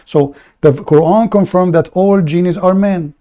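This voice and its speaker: A man's voice: sits high, unhurried, lo-fi sound, a crowd in the background. A man hosting a call-in debate, mocking and combative, often laughing scornfully at the caller. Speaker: debate show host.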